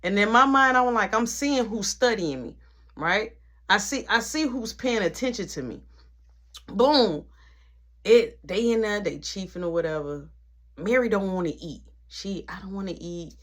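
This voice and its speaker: A person telling a dramatic personal story in casual, slangy speech full of asides. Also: female voice, mid-range voice, unhurried. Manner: slangy, animated retelling with many asides.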